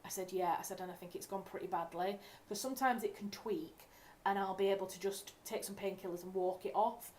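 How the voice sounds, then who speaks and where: A woman's voice: mid-range voice, steady tone, fairly quick, hardly any pauses, a little mellow, a little hiss or hum. Chatty woman rambling on a livestream. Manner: chatty, rambling, self-correcting. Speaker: writer hosting a livestream. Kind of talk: casual livestream chat. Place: home room.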